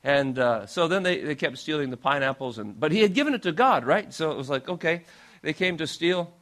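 A male pastor telling a story in a sermon, animated and acting out the people in it. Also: a little high, fairly quick. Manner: animated storyteller, acts out quoted voices.

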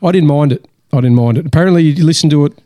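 A man, co-hosting a casual beer podcast, rambling with lots of halting restarts. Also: fairly high pitch, warm tone, dry recording. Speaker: podcast co-host. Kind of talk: casual chat.

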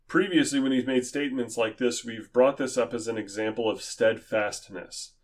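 A man teaching a Bible study sermon in an earnest, measured, explanatory way. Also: mid-range voice.

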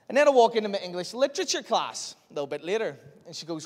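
Young male speaker, chatty and jokey, a bit high-voiced, recorded in a reverberant hall. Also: sing-song, quick pace, hardly any pauses. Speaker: youth speaker. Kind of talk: storytelling talk to a young audience. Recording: echoey hall with long reverb.

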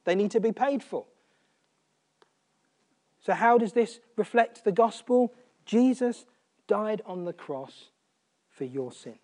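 A man preaching a sermon, earnest, repeating phrases for emphasis and dropping almost to a whisper on quiet points. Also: sits high, expressive, takes it slowly, pauses often.

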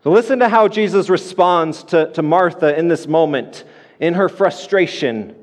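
A man's voice: a little high, moderate pace. Earnest male pastor preaching in a reverberant hall. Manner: earnest, repeats key points, restarts phrases. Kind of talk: sermon.

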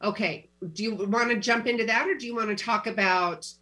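A woman's voice: on the high side, fairly quick, bright, forceful tone. A woman hosting a podcast interview, speaking in an encouraging way and addressing her listeners directly. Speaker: podcast host.

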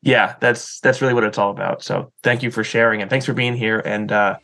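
A man's voice: fairly low pitch, fairly even intonation, brisk, bright, forceful tone. A man interviewing a guest, talking casually and fumbling for words, with many fillers. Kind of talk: casual chat.

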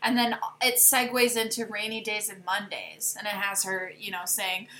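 Bright-voiced woman chatting about films. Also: medium pitch, normal speed, hardly any pauses. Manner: enthusiastic, recaps scenes in detail. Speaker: podcast co-host. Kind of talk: casual film discussion. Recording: echoey room.

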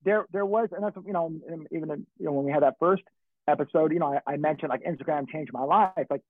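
A man's voice: a little high, quick pace, dry recording. A middle-aged man from California telling stories in casual chat, rambling and swearing with many restarts. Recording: tinny phone-like dry sound.

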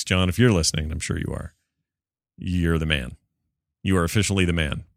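Excitable male podcast host, low voice. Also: dry recording, studio quality. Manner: excitable, joking. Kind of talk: casual podcast chat.

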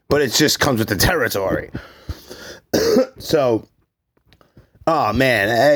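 A man's voice: medium pitch, very animated, moderate pace, pauses often. A man, telling his life story in blunt, profane, rambling casual talk. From Brooklyn, New York.

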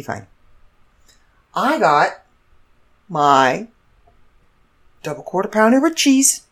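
A middle-aged woman telling a story in casual chat, animated and laughing as she acts out the other people. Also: lowish voice. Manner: animated, laughs through her story, quotes others in shifting voices. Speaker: vlogger.

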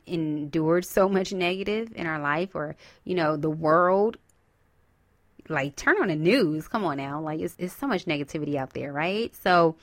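Woman, motivational podcast talk, energetic and encouraging, lowish pitch. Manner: lively, casual, encouraging, with loud whoops and laughs. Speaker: podcast host.

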